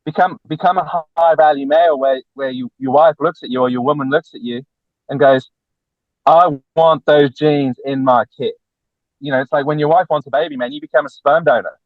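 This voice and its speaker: A man speaking as a relationship coach guest on a podcast, lecturing bluntly and forcefully, with lots of repetition. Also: fairly high pitch, quick pace, no room sound. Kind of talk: podcast interview. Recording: tinny phone-like dry line.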